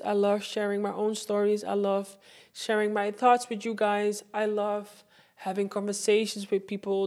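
A woman's voice: mid-range voice, a little mellow. A woman hosting her own motivational podcast, recording herself and speaking in an earnest, heartfelt way, repeating phrases for emphasis. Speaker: podcast host. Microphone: self-recorded.

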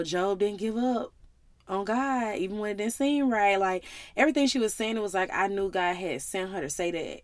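A woman in her twenties hosting a casual podcast monologue, telling a personal story in an animated, slangy, conversational way and addressing listeners directly. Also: medium pitch, no room sound. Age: 20s. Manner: animated storyteller, acts out her own side of talks with God; slangy and conversational, calls listeners y'all and baby. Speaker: podcast host.

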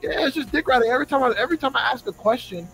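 A man's voice: extremely high pitch, lively intonation, very fast, a bit bright, soft background music, low-quality recording. A man on a podcast, ranting in a profane, exasperated way and mocking fans in put-on voices. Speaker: podcast co-host. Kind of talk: heated casual podcast rant.

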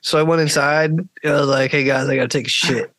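A man's voice: a little high, steady tone, fast talker, fairly bright tone, no echo. A man hosting a podcast, telling a long story in a loose, rambling way, full of fillers and swearing. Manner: rambling, laid-back, heavy with "like" and swearing. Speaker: podcast host. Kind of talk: casual storytelling chat.

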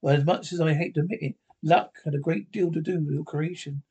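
An actor playing a lonely, shy scientist who built an android and calmly explains how, in 1950s TV drama style. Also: male voice, fairly high pitch, fairly quick, husky. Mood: explaining.

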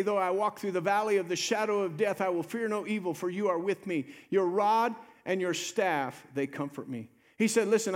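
A man with a high voice preaches a sermon from the pulpit. He swells into emphatic, rising phrases, then drops low and soft to drive a point home. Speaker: pastor.

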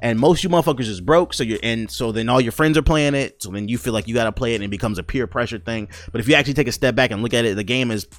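A man's voice: mid-range voice, racing, few pauses, faint music behind. A man hosting a casual solo podcast, joking and ranting with lots of swearing and restarts. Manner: profane, joking, rambling with restarts. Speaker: podcast host.

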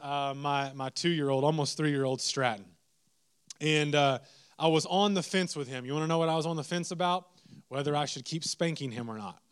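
Young male preacher, animated, self-mocking storyteller, slightly high voice. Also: clean tone. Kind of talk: storytelling sermon.

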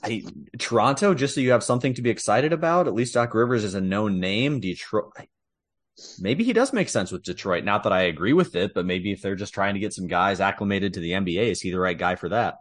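A man's voice: fairly low pitch, lively intonation, brisk, dry recording, studio quality. A man co-hosting a podcast, chatting casually and with opinions about sports, laughing easily. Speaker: podcast co-host.

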